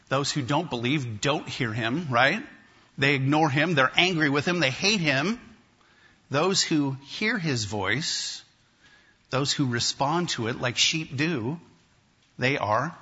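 A male pastor preaching a sermon to his congregation, emphatic and repetitive, with slow deliberate pauses. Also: medium pitch, pushed and bright, slightly rough. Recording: dull lo-fi sermon recording.

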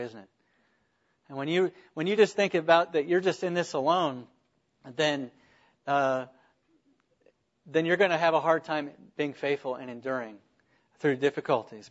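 A man's voice: a little high, muffled recording. A man preaching a sermon as a pastor, earnest, with rhetorical questions and small restarts.

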